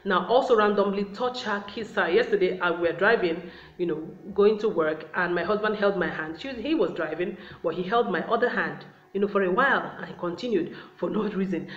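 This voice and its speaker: A woman's voice: medium pitch, a little fast. A woman giving relationship advice to the camera in a casual, chatty way, often calling her viewers guys. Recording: roomy, slightly dull sound.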